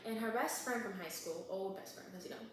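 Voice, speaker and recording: Chatty woman in a very echoey room. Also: mid-range voice. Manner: chatty, slangy, animated retelling with quick voiced quotes. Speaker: book vlogger. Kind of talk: casual book recap while baking. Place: home kitchen. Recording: very echoey room with clear background noise.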